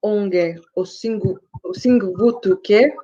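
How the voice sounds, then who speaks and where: Adult female learner, mid-pitched, careful hesitant reading, muffled online audio. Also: slow, mellow. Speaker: student. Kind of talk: reading practice phrases aloud.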